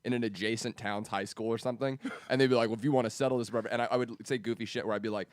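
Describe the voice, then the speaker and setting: A young man in casual podcast chat, telling stories fast and acting out quotes in silly voices. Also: mid-range voice, fairly even intonation, no echo, studio quality.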